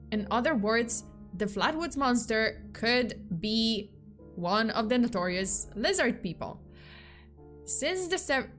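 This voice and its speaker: A woman streamer telling a spooky story in a chatty, playful way with lots of fillers. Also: medium pitch.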